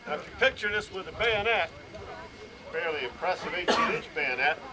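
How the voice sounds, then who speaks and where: A man's voice: fairly high pitch, lively intonation, moderate pace, a crowd in the background. A man giving an outdoor reenactment demonstration, explaining rifle drill steadily and barking out commands. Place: outdoors at a historic fort. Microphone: camcorder from a distance. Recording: noisy outdoor camcorder audio.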